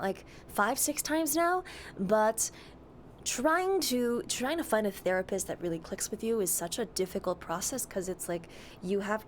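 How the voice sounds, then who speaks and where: A woman's voice: mid-range voice, slight background noise. A young woman streamer chatting casually, greeting and answering her chat with a giggly, easygoing manner.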